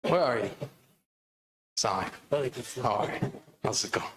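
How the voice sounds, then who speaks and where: A man's voice: mid-range voice, lively intonation, brisk, noisy background. A man giving an interactive sermon at a religious celebration, calling on the audience with repeated questions. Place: large hall of an Islamic center. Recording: echoey hall.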